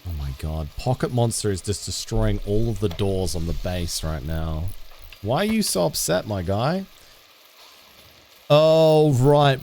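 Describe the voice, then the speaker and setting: A man's voice: lowish voice, darkish tone, a little hiss or hum. A young man livestreaming a game, chatting casually and self-deprecatingly with viewers, often restarting his sentences. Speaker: game streamer.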